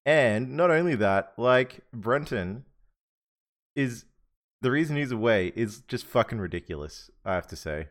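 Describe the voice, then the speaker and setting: A man's voice: mid-range voice, animated, unhurried. A man hosting a casual podcast chat among friends, laid-back, swearing and laughing often. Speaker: podcast host.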